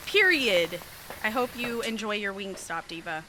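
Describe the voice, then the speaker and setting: A woman streaming a horror game, chatting casually with viewers, sassy and swearing freely, with sudden excited yelps. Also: medium pitch, unhurried, slight background noise, low-quality recording. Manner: bursts into excited yelps during scares. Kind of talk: casual live-stream chat over gameplay.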